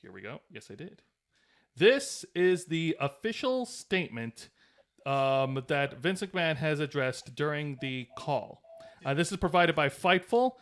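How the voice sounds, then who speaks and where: A man co-hosting a podcast, relaxed and chatty, reading out news notes. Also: on the high side, a little slow. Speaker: podcast co-host. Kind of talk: casual chat.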